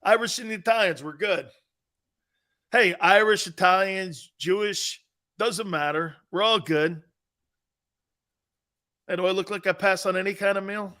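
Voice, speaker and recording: A man hosting a live sports talk show, joking loudly with viewers, reading their comments and laughing often. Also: high-pitched, unhurried, long pauses. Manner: joking, loud, laughs often, calls out chat names.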